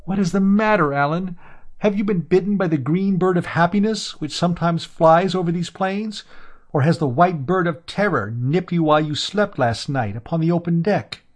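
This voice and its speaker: A gentle, puzzled woman, voiced by a man in a science fiction audiobook. She asks her questions softly and with pity, in a voice lifted higher. The tone is tender rather than sharp. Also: normal speed.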